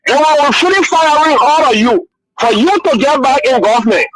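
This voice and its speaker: A man's voice: very high-pitched, fairly quick, a bit bright, no echo, low-quality recording. A man with a Liberian English accent calling in to a radio show, speaking in an emphatic, preachy way. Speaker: caller. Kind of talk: call-in radio talk.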